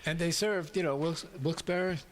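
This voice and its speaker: A man's voice: fairly high pitch, steady tone, moderate pace, a crowd in the background. A man on a podcast panel chiming in casually with short remarks and trying to recall names. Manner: brief chiming interjections, searching for names. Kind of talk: casual chat.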